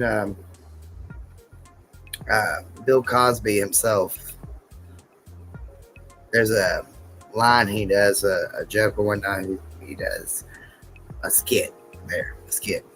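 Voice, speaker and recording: A man's voice: lowish voice, takes it slowly, long pauses, a bit bright, faint music behind. A man co-hosting a casual chat show, telling stories in a rambling way with restarts and quoted voices. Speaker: podcast co-host.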